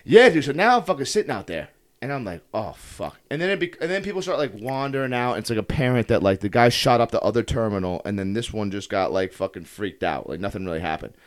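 A man's voice: mid-range voice, fast talker. A young man telling a story in casual podcast chat, heated and profane, swearing constantly as he talks.

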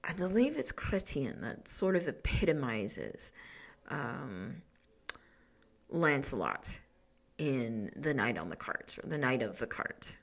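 A woman with a very deep, sing-song voice speaks slowly while hosting a casual solo podcast. She rambles and swears, laughs often, and keeps restarting her sentences.

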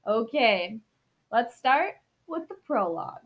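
A woman's voice: fairly high pitch, sing-song, takes it slowly. A woman hosting a book podcast, chatting in a bubbly, rambling way, laughing at herself before she reads a novel aloud. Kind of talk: chatty intro, then reading aloud.

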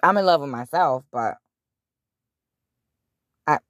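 A woman's voice: low-pitched, slow, dry recording, clean studio sound. A woman hosting a casual spiritual monologue, blunt and profane, retelling scripture. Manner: animated, blunt, profane, retelling scripture in her own words. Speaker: podcast host.

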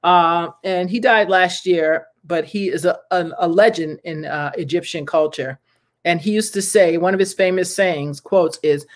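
A speaker in their thirties hosting a casual good-news talk, rambling and chatty with frequent laughs and fillers and earnest, preachy asides. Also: medium pitch. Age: 30s. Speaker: podcast host and nonprofit founder.

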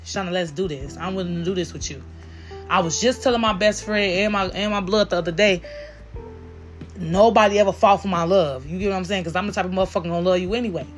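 A woman hosts her own podcast, speaking bluntly and with a lot of swearing. She keeps checking in with her listeners and laughs often, and faint music plays behind her. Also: fairly low pitch. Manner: blunt and profane, with frequent filler questions and laughs. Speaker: podcast host. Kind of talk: candid solo podcast talk.

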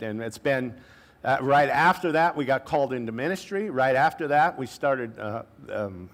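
A male pastor preaching a sermon in a conversational way, with casual asides and slang, slowing down to stress key phrases. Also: medium pitch.

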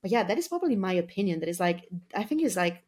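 A woman's voice: mid-range voice, sing-song, fast talker, darkish tone. A woman speaking as a marketing guest on a podcast, talking in a chatty, filler-heavy casual way and laughing easily. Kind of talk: casual interview talk.

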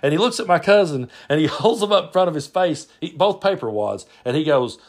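A man's voice: on the high side, expressive, brisk, hardly any pauses. A man, telling stories on his podcast in a rambling, self-interrupting way. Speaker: podcast host. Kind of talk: casual storytelling.

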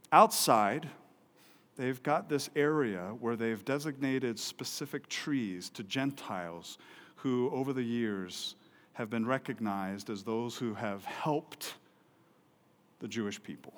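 A man preaching a sermon with passion, swinging from loud, emphatic peaks to low, quiet stretches. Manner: impassioned preaching, rising loud for emphasis and dropping low and soft. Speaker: pastor. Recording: long hall reverb.

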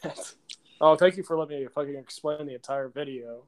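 A man's voice: fairly high pitch, fairly even intonation, brisk, a little mellow, a little hiss or hum. A young man in casual podcast chat, packing his talk with fillers, laughing a lot and swearing. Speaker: podcast co-host.

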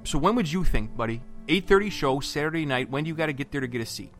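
A man co-hosting a podcast, telling a vacation story in a lively, chatty way with lots of fillers and acted-out quotes. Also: fairly high pitch, fast talker, faint music behind. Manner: animated storyteller, acts out quotes, many fillers and restarts. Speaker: podcast co-host.

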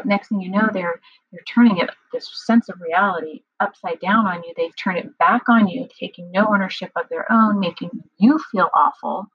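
A middle-aged woman speaking earnestly about her own experience in a personal monologue, often pausing on "um". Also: mid-range voice, husky, dry recording. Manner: earnest, explanatory, many filler ums. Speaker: survivor sharing personal experience. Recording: dull lo-fi recording.

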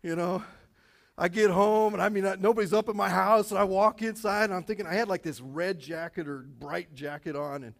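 A man preaches to his church, slipping into a loose, animated story full of "you know" and "I mean". His voice sits a little high for a man. He moves from the tale into plain sermon teaching. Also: brisk, vocal fry. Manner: animated storytelling with many fillers. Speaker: pastor. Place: church auditorium.

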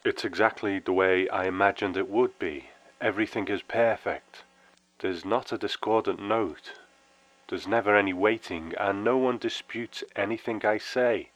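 Male narrator plays a warm, solemn voice from beyond; deep, dry, intimate. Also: moderate pace, no room sound, lightly acted, poor audio. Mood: sharp. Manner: solemn, wry, intones.

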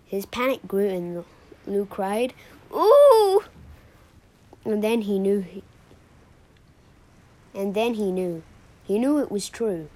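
A woman hosting a podcast, reading a children's story aloud in an expressive, sing-song way. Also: medium pitch, takes it slowly, long pauses, low-quality recording. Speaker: storyteller host.

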